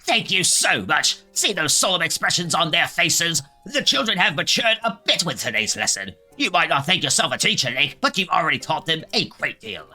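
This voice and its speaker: A polite, gushing village schoolteacher in a game, as a man reads his lines aloud, his bright, lively voice swinging up and down through formal, earnest thanks. Faint game music plays underneath. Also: a little high, normal speed, hardly any pauses, voice pushed up, full character voice. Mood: pleased. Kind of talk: reading game dialogue aloud.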